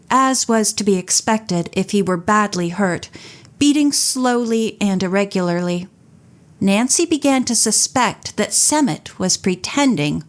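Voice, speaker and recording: A woman reading an audiobook in a measured, careful style. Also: mid-range voice. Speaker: audiobook narrator. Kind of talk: audiobook narration.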